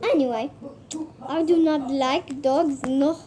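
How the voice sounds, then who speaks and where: A woman's voice: high voice, steady tone, mellow, slight background noise. A woman voicing a vain, sassy pet bird with a put-on French accent, preening and theatrical. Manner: preening and theatrical, slow drawn-out delivery. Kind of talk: comic pet voice-over vlog.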